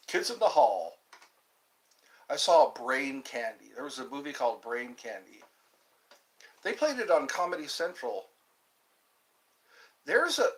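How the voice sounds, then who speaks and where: A man with a medium-pitched, fairly bright voice hosts a casual livestream, rambling from topic to topic. He reads viewer comments aloud before answering them.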